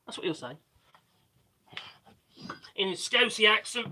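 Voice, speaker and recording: A man with a high, bright voice talks to his live viewers while he works on a repair job. He rambles, restarts his sentences and mutters to himself between thoughts. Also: lively intonation, unhurried. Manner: rambling, hesitant, with many restarts and fillers. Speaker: live-stream host. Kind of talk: casual live-stream chat during DIY work.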